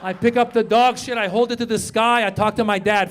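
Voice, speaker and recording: High-voiced man doing animated stand-up. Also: fairly quick, hardly any pauses, slight background noise. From Iran. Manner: animated storytelling with sudden shouted punchlines. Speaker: stand-up comedian. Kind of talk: stand-up routine.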